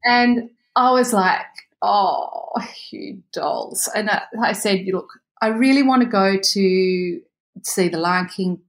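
A woman telling a story in a casual chat, animated, laughing often and acting out the voices of the people in it. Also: mid-range voice, takes it slowly.

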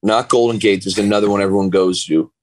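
Guest spot: easygoing man with a deep voice, dry close sound, remote call, loose storyteller who laughs a lot. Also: steady tone, quick pace, dry recording. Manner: laid-back, rambling, chuckles often. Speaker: podcast guest. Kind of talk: casual storytelling chat.

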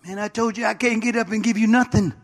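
A man's voice: high-pitched, fairly even intonation, fast. A man voicing a grumpy man who refuses to get up and open his door. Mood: annoyed. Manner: curt, irritated refusals.

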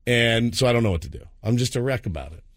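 A man's voice: mid-range voice, animated, fast talker, a bit bright. A man in his thirties co-hosting a morning radio show, rambling in a self-deprecating, exasperated way. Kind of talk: casual morning show chat.

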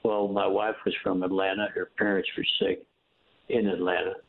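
An older man, a former football coach, telling stories in an interview in a folksy, animated way, acting out the other voices. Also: low-pitched, normal speed, creaky, a little hiss or hum. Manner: folksy, animated storytelling with quoted dialogue. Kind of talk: storytelling interview. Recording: tinny phone line.

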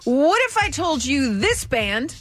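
A woman's voice: high-pitched, big pitch swings, takes it slowly. A woman co-hosting a radio morning show, trading playful, teasing quips in casual studio banter and reading giveaway promos.

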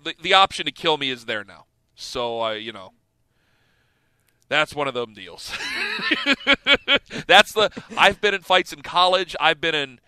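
A man hosting a sports radio show, telling stories with lively energy and laughing as he acts out scenes. His voice sits high for a man and sounds very bright and forceful, smooth and clear, on a dry studio mic. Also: a little slow, long pauses, dry recording. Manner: animated, laughing storyteller who acts out scenes. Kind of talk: casual storytelling on sports radio.

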